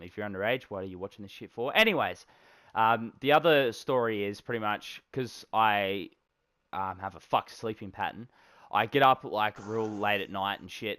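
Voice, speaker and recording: A man's voice: fairly low pitch, no echo. A young man, co-hosting a casual podcast and telling rambling stories full of swearing. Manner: rambling, heavy swearing, animated storytelling. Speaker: podcast co-host. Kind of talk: casual chat.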